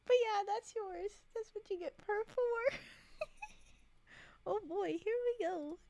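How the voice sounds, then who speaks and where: A giggly woman streams and chats casually with her viewers. Her voice is high and she takes her time. A gravelly fry edges many of her words. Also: slow pace, mellow, lo-fi sound. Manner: giggly, chatty. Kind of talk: casual livestream chat.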